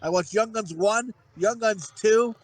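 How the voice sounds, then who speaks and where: A man's voice: sits high, unhurried, low-quality recording. A man in his forties co-hosting a podcast, telling rambling, profane stories in casual banter. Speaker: podcast co-host.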